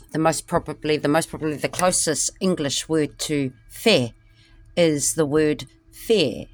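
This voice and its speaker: A woman teaching word pronunciation in a short lesson, breaking words into syllables and saying them slowly and carefully. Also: low voice, no room sound. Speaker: language teacher.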